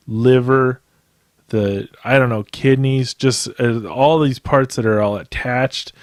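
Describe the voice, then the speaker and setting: A man's voice: mid-range voice, dry recording, studio quality. A man hosting a podcast, telling a long personal story in a casual, profane, rambling way and laughing now and then. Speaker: podcast host.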